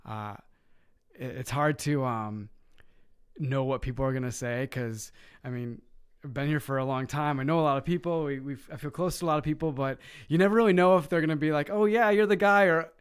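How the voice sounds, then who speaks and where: A man's voice: medium pitch, fairly quick, clean tone. A man, an associate pastor, talking in upbeat casual chat and laughing easily.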